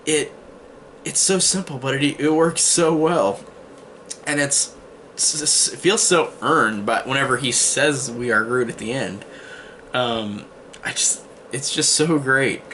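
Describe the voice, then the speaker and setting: Taking his time, a man gives an informal movie review in a loose, meandering way, often starting sentences over and leaning on filler words. His medium-pitched voice has a bright, forward edge, with a light hiss underneath.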